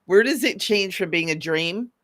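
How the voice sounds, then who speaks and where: A woman co-hosting a casual spiritual talk show as a mystic, speaking with enthusiasm, agreeing warmly and often checking for agreement. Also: mid-range voice, lively intonation, moderate pace. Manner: enthusiastic and affirming, asks for agreement. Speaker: mystic co-host.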